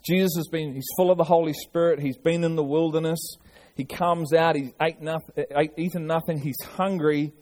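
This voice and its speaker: A man's voice: a little high, fairly even intonation, normal speed, darkish tone. A man preaching a sermon, earnest, often restarting and repeating his words. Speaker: pastor.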